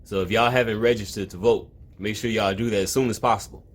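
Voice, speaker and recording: His pitch is fairly low and his tone steady, and he talks fast. Hosting a video from home while a cat hangs around, this man rambles through loose, foul-mouthed comedic commentary, regularly cutting himself off mid-thought.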